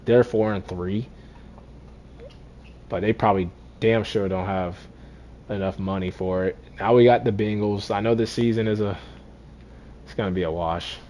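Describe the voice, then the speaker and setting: A man casually commentating his own football video game run, talking to himself, repeating lines and swinging between deflated and excited. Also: fairly low pitch, moderate pace, long pauses, slight background noise. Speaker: gaming streamer.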